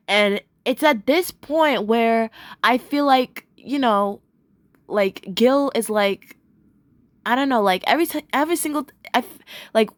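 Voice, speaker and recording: A woman's voice: a little high, dry recording. A young woman casually recapping a cartoon episode, rambling with many fillers, giggling and gushing in bursts.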